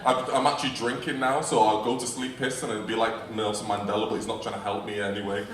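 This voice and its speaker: A man's voice: fairly low pitch, flat delivery, quick pace, distant mic. A young man from England doing rambling, self-mocking stand-up comedy. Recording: echoey stage with a crowd from afar.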